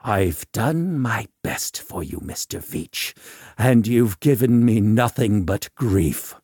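A man's voice: lowish voice, animated, takes it slowly, darkish tone, breathy edge, no room sound, clean studio sound, full character voice. A man reading a horror story, putting on the voice of a menacing, unhinged man who keeps a corpse.

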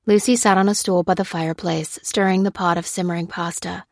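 A woman narrating an audiobook in a steady, measured storytelling voice. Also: on the low side, no echo, clean studio sound. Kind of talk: scripted narration.

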